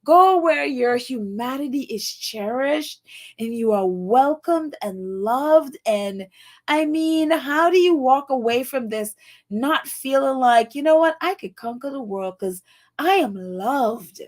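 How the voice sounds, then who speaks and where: A woman's voice: high voice, lively intonation, slow pace. A woman hosting a live stream, gushing and laughing as she nearly cries, reading viewer comments aloud. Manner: gushing, laughing and near tears, reads chat aloud. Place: New York.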